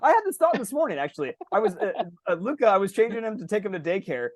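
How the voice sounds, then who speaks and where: A man's voice: sits high, very animated, fast, no room sound, studio quality. A man co-hosting a podcast in casual chat, rambling and telling stories with lots of "like" and acted-out quotes, swearing casually. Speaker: podcast co-host.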